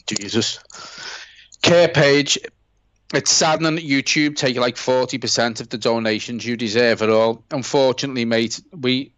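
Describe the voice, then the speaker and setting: A man's voice: mid-range voice, fairly even intonation, moderate pace, a bit bright, no echo, highs cut off. A man co-hosting a live football watch-along, chatting and reading out donations in a heartfelt, sweary way. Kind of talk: casual live-stream chat, reading out donations.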